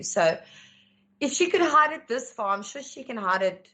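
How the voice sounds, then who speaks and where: A woman telling her life story as an interview guest, candid and animated when she acts out dialogue. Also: fairly high pitch, unhurried. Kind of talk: personal storytelling.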